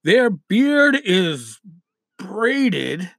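A man's voice: high-pitched, sing-song, drawn-out words, gravelly, fairly bright tone, no room sound. A man who grew up in New York City gives game masters casual, rambling advice. He is self-deprecating and often restarts his sentences.

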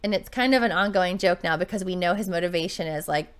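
A woman's voice: on the low side, fast talker, clear, resonant tone. A woman talking as a podcast host and running coach, chatting casually and telling a story in an upbeat way.

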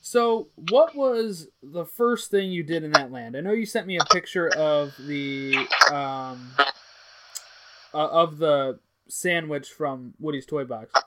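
A man's voice: fairly high pitch, slow pace, very noisy. A man hosting a casual podcast chat, asking curious questions with hesitant fillers. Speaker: podcast host.

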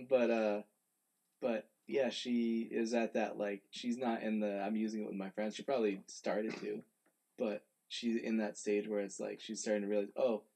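Husky, low-voiced laid-back man. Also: level tone, normal speed, mellow. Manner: easygoing, laughs often, rambling anecdotes. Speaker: podcast co-host. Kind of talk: casual chat.

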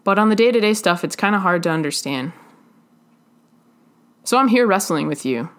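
A woman giving a sermon in a slow, halting, earnest way, pausing often between phrases. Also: mid-range voice, expressive, a bit bright. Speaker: preacher.

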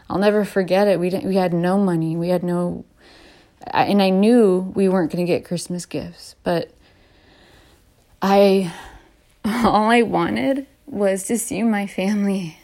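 A woman in her late thirties talking in a casual, heartfelt and rambling way as a vlogger, often laughing softly between restarts. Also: mid-range voice, steady tone, measured pace. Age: late 30s. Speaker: vlogger and podcaster. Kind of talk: casual heartfelt personal talk.

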